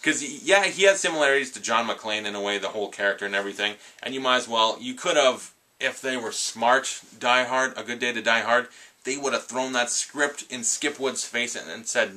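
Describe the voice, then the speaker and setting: A man's voice: lowish voice, pushed and bright. A man giving a casual, rambling movie review full of asides. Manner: chatty, rambling with asides and quick impressions.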